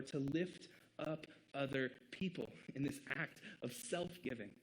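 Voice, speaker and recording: A Midwestern American pastor preaches a sermon in an earnest, conversational way, slipping short laughs between his points. His voice is fairly high-pitched, and the audio is poor.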